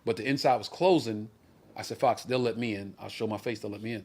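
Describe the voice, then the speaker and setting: A middle-aged comedian co-hosting a live-streamed talk show, telling a long, profane anecdote and acting out the voices of the people in it. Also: male voice, lowish voice, fast talker, darkish tone, breathy edge. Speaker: comedian and co-host.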